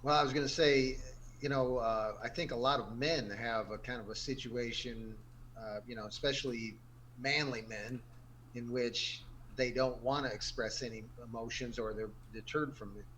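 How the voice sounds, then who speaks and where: A man's voice: medium pitch, steady tone, normal speed, a bit bright, slight background noise, rough recording. A man on a discussion panel, asking questions in a tentative way full of fillers.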